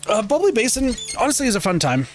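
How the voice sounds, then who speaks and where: A man's voice: high-pitched, big pitch swings, quick pace, faint music behind. A man streaming a life-simulation game, chatting casually and rambling with lots of filler words and self-corrections, sounding a bit sleepy. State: sleepy, yawning. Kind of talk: casual gameplay stream commentary.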